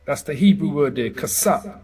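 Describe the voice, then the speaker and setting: A man teaching a casual Bible word study, halting and correcting himself as he repeats Hebrew sounds, sometimes laughing at his own pronunciation. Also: a little high, expressive, dark tone, slightly rough.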